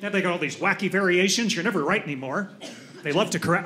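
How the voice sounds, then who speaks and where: A man's voice: high-pitched, fast, bright, forceful tone, slight background noise. A man doing a stand-up comedy routine on a club stage, ranting in a grumpy, exasperated way into a handheld mic.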